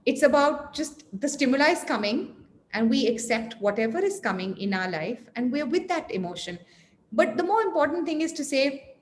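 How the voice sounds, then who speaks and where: A woman guest speaker giving parenting advice in an earnest, emphatic, expressive way over a video call. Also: sits high, moderate pace. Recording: echoey room, faint noise.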